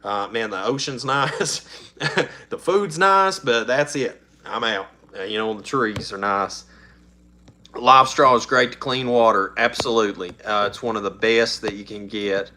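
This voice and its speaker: A man's voice: mid-range voice, measured pace, sharp tone, slight background noise. A middle-aged man, chatting casually on his channel in a rambling, folksy way with frequent laughs. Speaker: channel host. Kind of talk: casual live-stream chat.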